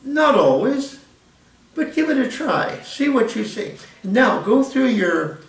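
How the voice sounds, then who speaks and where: An older man gives a rambling, informal music lesson, correcting himself as he explains. His voice is very high-pitched, creaky and sing-song at a slow pace. The mic is at a distance in an echoey room.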